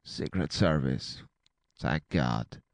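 A man puts on a badly wounded middle-aged man for a storybook reading, pushing out faint, labored words. The voice is deep and gravelly, recorded dry and close. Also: animated, slow pace, no room sound, full character voice. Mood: urgent.

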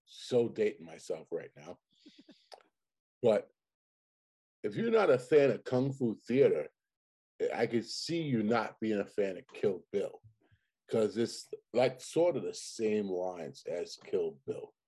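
A man's voice: lowish voice, sing-song, takes it slowly, dark tone, husky. A man in casual conversation, reminiscing and swearing freely. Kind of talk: casual chat.

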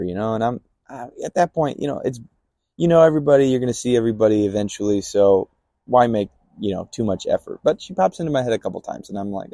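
A man's voice: medium pitch, expressive, fast talker, mellow, dry recording, studio quality. A young man casually telling a personal testimony on a podcast, rambling with fillers and acting out remembered dialogue. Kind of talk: casual storytelling.

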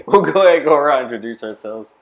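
A man's voice: medium pitch, lively intonation, very fast. A man hosting a tabletop game podcast, opening the show in an upbeat way. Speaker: podcast host.

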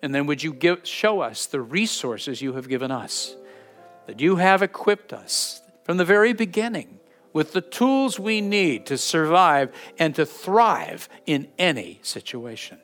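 A man's voice: fairly high pitch, animated, a bit bright, faint music behind. A man preaching a sermon as a pastor, earnest and fervent, who leads a closing prayer and blessing. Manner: earnest, fervent, slowing to read scripture aloud.

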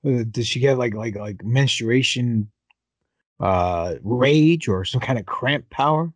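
A man's voice: medium pitch, slow, no echo. A man hosting a casual podcast, joking around and reading news items aloud. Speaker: podcast host. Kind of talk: casual chat.

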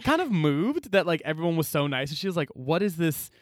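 A man's voice: a little high, very animated, quick pace, no room sound, clean studio sound. A man co-hosting a casual book podcast, retelling scenes animatedly and acting out the characters' lines, with lots of "like". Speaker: podcast co-host.

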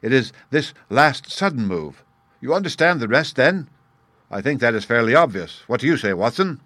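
A man reading the part of a sharp, impatient male detective with a brisk, incisive delivery. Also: medium pitch, very animated, no room sound.

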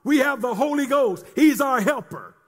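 A man with a very high voice preaches in a rising and falling, chanting cadence. He repeats phrases and calls on the congregation to respond as he delivers a sermon. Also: lively intonation, moderate pace, slightly rough.

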